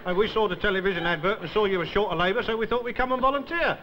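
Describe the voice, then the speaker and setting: A man's voice: high-pitched, racing, noisy background, close to an everyday voice. An actor playing a cheeky, argumentative male tramp in a 1960s TV sketch, rambling and calling everyone mate.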